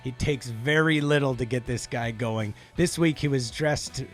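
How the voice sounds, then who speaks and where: A man's voice: mid-range voice, moderate pace, faint music behind. A man hosting a comedy podcast, casually introducing clips in a chatty, teasing way. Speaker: podcast host.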